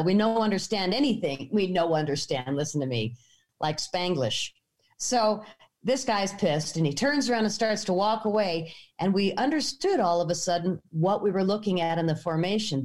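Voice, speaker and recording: Animated American woman telling a story. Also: medium pitch. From United States. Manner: animated, acts out quotes. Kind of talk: personal storytelling.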